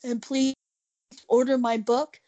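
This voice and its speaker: A woman's voice: fairly high pitch, little pitch movement, slow, dark tone. A woman chatting as a podcast guest, playful and giggly, agreeing often with "exactly" and "absolutely.". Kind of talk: casual chat.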